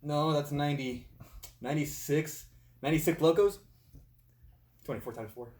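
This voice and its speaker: A man's voice: a little high, moderate pace, a little mellow. A young man in casual chat, laid-back and slangy. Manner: laid-back, calls people "dude".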